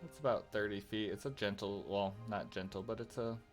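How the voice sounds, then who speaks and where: Low-voiced man running a tabletop game. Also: fairly quick, faint music behind. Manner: relaxed, joking, narrating monster moves. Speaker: game master.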